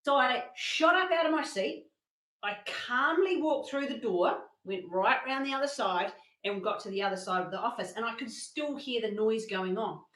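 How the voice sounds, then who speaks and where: A woman presenting a motivational masterclass, telling stories in an animated way and acting out the quotes. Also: on the high side, normal speed, roomy sound, rough recording. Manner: animated storytelling with acted-out quotes. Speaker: workshop presenter.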